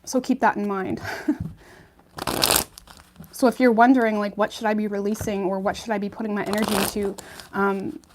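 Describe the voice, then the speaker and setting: A woman's voice: mid-range voice, flat delivery, moderate pace, pauses often, background noise. Woman tarot reader, casual and chatty, talks straight to viewers with a mid-range voice. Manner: chatty, reassuring, many ums and okays. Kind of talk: casual tarot reading to camera.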